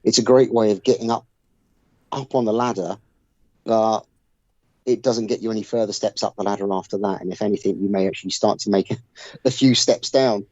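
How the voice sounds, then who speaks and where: A man with a low voice talks through his thoughts in a relaxed podcast chat, pausing often on fillers. The sound is dry and a little dull, like a home remote recording. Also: no room sound. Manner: thoughtful, hesitant with many fillers. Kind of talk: casual chat.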